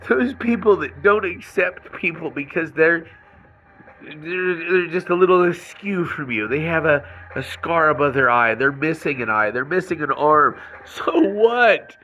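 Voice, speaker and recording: A man's voice: fairly high pitch, expressive, a little slow, sharp tone, dull audio, a little hiss or hum. A man venting angrily and rawly into the camera in an emotional personal rant, stumbling and swearing as he talks. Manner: angry, raw venting with restarts and swearing. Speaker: vlogger.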